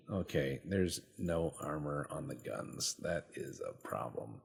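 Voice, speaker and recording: A man's voice: a bass voice, lively intonation, takes it slowly, vocal fry, few pauses, husky. A man hosting casual gameplay commentary, rambling and joking, and swearing freely as he goes. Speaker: gaming channel host.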